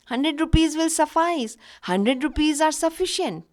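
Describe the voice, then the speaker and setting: A woman's voice: high voice, very animated, measured pace, a little mellow. A woman teaching a recorded grammar lesson, patiently explaining with many examples. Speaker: English teacher.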